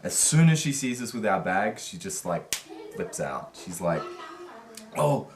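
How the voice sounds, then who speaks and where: Deep-voiced and moderately paced, a man who vlogs about travel recounts a mishap in casual storytelling style, lively acting out people's lines. There's some echo and light background noise.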